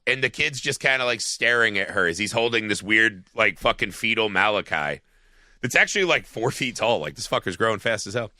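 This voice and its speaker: A man's voice: lowish voice, animated, brisk, pushed and bright, dry recording. A man co-hosting a podcast, talking casually and profanely about a film, rambling with lots of "like". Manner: rambling, profane, heavy use of "like". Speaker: podcast co-host.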